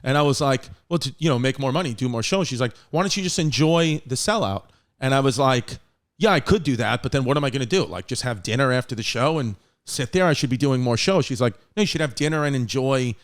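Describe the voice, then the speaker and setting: A man in his thirties with a New York accent, hosting a podcast in casual, profane, animated chat and laughing often. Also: medium pitch, quick pace. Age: 30s. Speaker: podcast host.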